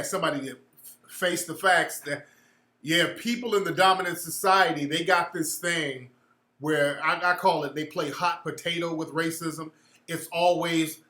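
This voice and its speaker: A man's voice: fairly high pitch, pushed and bright, reverberant. A man hosting a casual livestream chat, answering viewers in a blunt, slangy, profane way.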